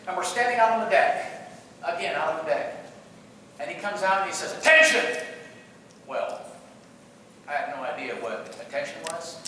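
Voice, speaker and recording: A man giving a conference keynote as an animated, self-mocking storyteller, recorded from a distance in a large echoey hall. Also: sits high. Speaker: conference speaker. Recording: echoey hall from far off with faint noise.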